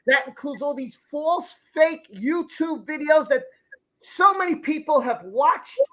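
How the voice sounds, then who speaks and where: A man hosting a live stream rants angrily as he reacts to news coverage, heatedly repeating phrases and talking over the clip. His voice is extremely high-pitched and fairly bright, with lively intonation and a measured pace, and the recording is rough.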